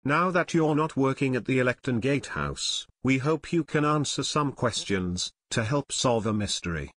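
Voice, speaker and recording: A man voicing Frank, a calm, kind teenage boy detective with a steady, inquiring manner. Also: medium pitch, normal speed.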